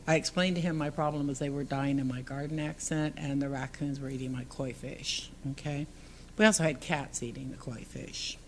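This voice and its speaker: A woman's voice: deep voice, fairly even intonation, moderate pace, a little hiss or hum. A woman giving public comment at a city council meeting, earnest and partly reading from prepared text.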